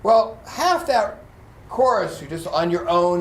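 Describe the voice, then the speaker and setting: A man's voice: high-pitched, slow pace, reverberant. A man preaching a sermon as pastor, telling stories with lots of acted-out quotes and frequent laughter. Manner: animated storyteller, acts out quotes, laughs often. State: choked up at times. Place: church.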